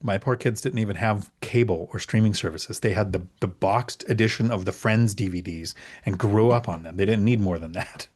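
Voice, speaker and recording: A man's voice: lowish voice, normal speed, hardly any pauses, darkish tone. A middle-aged man hosting a casual live question-and-answer chat, reading out viewer questions and answering frankly with emphatic repetition. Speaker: host.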